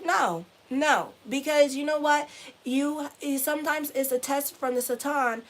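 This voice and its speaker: Speaking at a measured pace in a high voice, a middle-aged astrologer and tarot reader of Haitian background addresses her viewers casually and motivationally. She's blunt, swears freely and repeats phrases to drive her points home.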